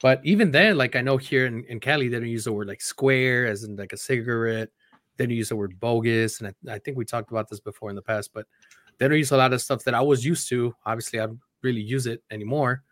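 A man's voice: medium pitch, quick pace, a bit bright, no room sound, studio quality. A man co-hosting a casual chat, rambling and swearing, slipping Spanish phrases into his English. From Chicago area. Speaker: podcast co-host.

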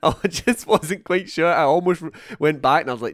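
A man's voice: fairly high pitch, brisk, no room sound, studio quality. A Scottish man co-hosting a podcast, telling anecdotes with frequent laughs and asking questions. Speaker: podcast co-host. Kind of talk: casual chat.

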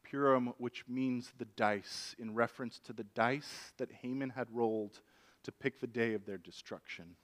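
A man preaching a sermon, retelling an old story in a lively, conversational way. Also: mid-range voice, a little slow.

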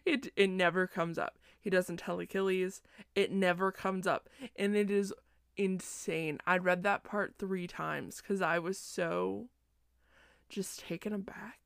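A woman's voice: on the low side, steady tone, a little slow, creaky, smooth, no echo, studio quality. A sleepy young woman recapping a book in a chatty, self-deprecating, digressive way, recorded at home at night. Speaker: podcast host.

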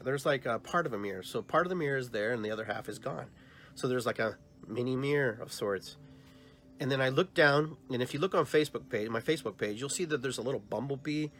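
A man in his fifties hosting a podcast, rambling softly and heartfelt as he tells a personal story. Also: medium pitch. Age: 50s. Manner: rambling, heartfelt, soft-spoken retelling of a dream. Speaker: podcast host.

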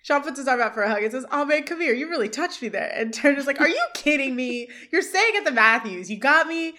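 A woman's voice: high voice, lively intonation, quick pace, bright, forceful tone. A woman co-hosting a podcast, retelling a sitcom episode scene by scene and quoting lines between laughs. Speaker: podcast co-host. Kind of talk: casual recap chat.

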